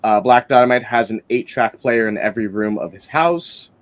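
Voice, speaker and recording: A man's voice: medium pitch, normal speed. A man hosting a casual film-review podcast, rambling enthusiastically with lots of fillers and restarts.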